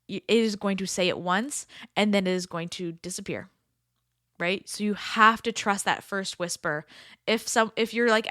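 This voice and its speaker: A woman's voice: medium pitch, bright, forceful tone, no echo, clean studio sound. A woman hosting a podcast, giving casual coaching advice in a chatty, upbeat way with lots of filler words. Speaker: podcast host.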